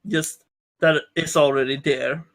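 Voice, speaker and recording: Excitable, foul-mouthed male player, slightly higher voice. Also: unhurried. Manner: excitable, swears freely. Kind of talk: tabletop game chat.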